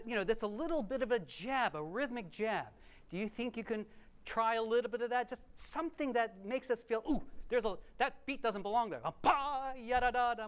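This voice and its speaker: A man teaching a remote piano masterclass, encouraging and animated, with quick restarts and sung rhythms. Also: high voice. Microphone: remote livestream mic.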